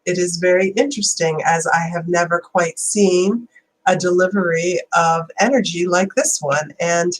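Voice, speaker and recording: A formal, inquisitive inventor's spirit, channeled by a woman speaks in a measured, deliberate way. The voice sits fairly low and stays calm and even. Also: lightly acted, rough recording.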